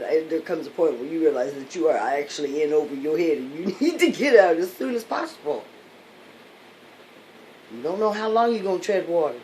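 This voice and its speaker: A woman's voice: low voice, background noise. A woman vlogger talking in a casual, rambling, digressive monologue.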